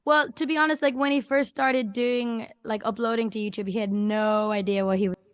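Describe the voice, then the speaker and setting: A woman's voice: fairly high pitch, fairly even intonation, fairly quick, smooth, no echo. A young woman with an Irish accent, a singer talking casually in an interview, chatty and full of "like". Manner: chatty, fills with "like" a lot. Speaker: singer-songwriter guest.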